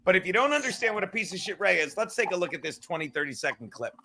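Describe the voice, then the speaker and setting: A man's voice: high-pitched, very animated, a crowd in the background. A middle-aged man on a podcast, ranting angrily and swearing constantly as he insults people. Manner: angry, insulting, fast swearing. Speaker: podcast guest. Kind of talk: profane ranting commentary.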